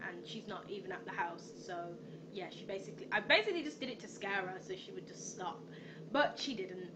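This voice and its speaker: A woman's voice: medium pitch, lively intonation, brisk, noisy background. A young woman rambling through a storytime vlog, with lots of ums and restarts. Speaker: vlogger.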